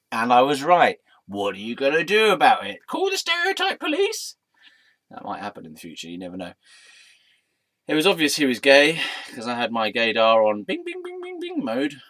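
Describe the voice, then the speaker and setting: A man's voice: lowish voice, expressive, normal speed, a bit bright, no room sound. A man telling a casual storytime monologue in a rambling, playful, self-amused way. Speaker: vlogger.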